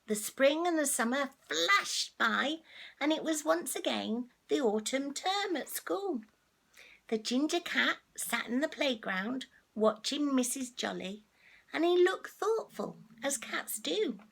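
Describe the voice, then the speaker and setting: An older woman who reads a story aloud to children, with animated asides, gasps and whispered remarks to her listeners. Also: sits high, vocal fry, husky. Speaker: storyteller grandmother.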